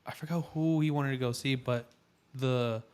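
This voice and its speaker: A man's voice: mid-range voice, normal speed, clear, resonant tone. A young man from New York, co-hosting a podcast and telling a long story in casual chat, swearing freely and acting out other people's lines. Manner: profane, animated storytelling full of quoted dialogue. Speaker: podcast co-host.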